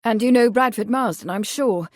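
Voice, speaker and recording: A woman voicing a sober, commanding gentleman who speaks firmly, in an audiobook. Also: on the high side, normal speed, dry recording, clean studio sound, lightly acted. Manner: firm and sober.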